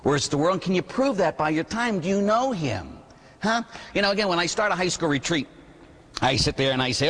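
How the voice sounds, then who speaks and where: A middle-aged man, a priest, preaching a sermon with animated storytelling and mimicked voices. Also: a little high, fast, long reverb tail.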